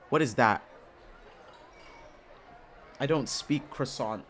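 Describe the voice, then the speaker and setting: Excitable young man streaming a game. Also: fairly high pitch, takes it slowly, a little hiss or hum. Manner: excitable, laughing, swearing, shrieking reactions. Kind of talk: casual gaming stream commentary.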